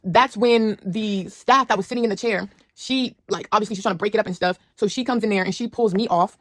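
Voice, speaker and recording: A young woman casually telling a wild personal story to her viewers, animated and slangy. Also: mid-range voice, fairly quick, no room sound. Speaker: storyteller vlogger.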